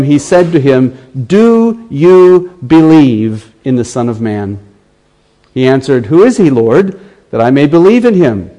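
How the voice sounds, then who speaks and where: A man preaching an expository sermon in an earnest way, repeating phrases for emphasis and swinging from hushed to raised. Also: fairly high pitch, rough recording.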